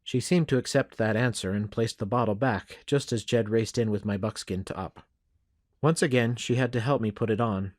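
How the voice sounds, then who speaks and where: A man narrating a first-person western audiobook in a steady, measured way. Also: lowish voice, no room sound, studio quality.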